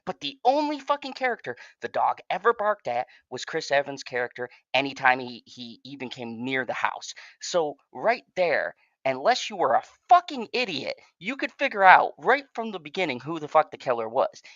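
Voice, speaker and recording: A man's voice: fairly high pitch, very animated, normal speed, few pauses, fairly bright tone, dry recording. A man co-hosting a casual review chat, rambling, swearing freely and laughing a lot. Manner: profane, rambling, laughs often. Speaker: podcast co-host reviewing shows. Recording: dry, dull lo-fi sound.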